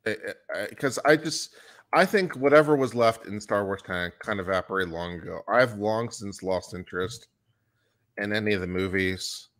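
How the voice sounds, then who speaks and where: A man's voice: fairly low pitch, moderate pace, a bit bright. A man co-hosting a casual stream, trading dry, teasing remarks. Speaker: co-host. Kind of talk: casual banter.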